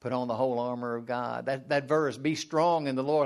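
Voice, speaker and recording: With a brisk delivery and little pitch movement, a man preaches a conversational sermon. He asks the congregation questions, answers them himself, and occasionally acts out a mock prayer in a strained, high voice.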